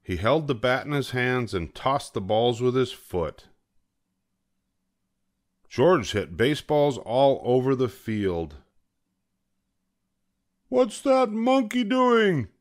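An older man reading a children's picture book aloud, storytelling. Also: mid-range voice. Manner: slow, lively storytelling.

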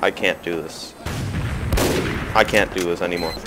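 A man giving comic commentary over his own gameplay, swinging from mumbling asides to sudden loud excited shouts. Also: low-pitched, moderate pace, very noisy. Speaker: gaming commentator. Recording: loud game music and gunfire behind.

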